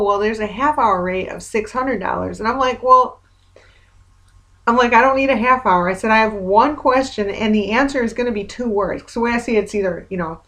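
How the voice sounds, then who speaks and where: Woman vlogger, mid-pitched, venting to camera, rambling and wry, plainly exasperated. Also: a bit bright. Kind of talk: casual video diary.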